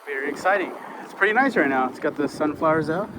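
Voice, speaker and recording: A young man chatting casually to the camera while riding his bike outdoors, in a relaxed, rambling way with laid-back slang. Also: a little high, quick pace. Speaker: vlogger and bike rider. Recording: wind-buffeted outdoor action-camera audio. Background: wind noise and outdoor ambience.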